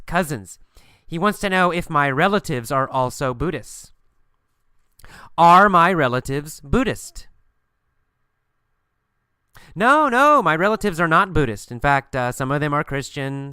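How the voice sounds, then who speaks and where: A man's voice: medium pitch, sharp tone, clear, resonant tone, no echo, clean studio sound. A man teaching an English lesson by telling a story, asking questions and answering them himself with emphatic repetition.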